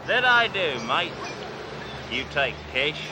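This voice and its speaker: An actor playing a brash cop who puts on a hammy fake Australian accent and boasts like a rich tycoon. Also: male voice, a little high, very animated, takes it slowly, very noisy, pitched above the performer's own voice. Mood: boastful. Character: brash loud male cop posing as an Aussie tycoon.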